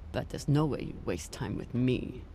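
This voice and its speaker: A man's voice: mid-range voice, animated, moderate pace, creaky, dark tone, a little hiss or hum. An actor voicing a dry, sardonic male crew member in a video game.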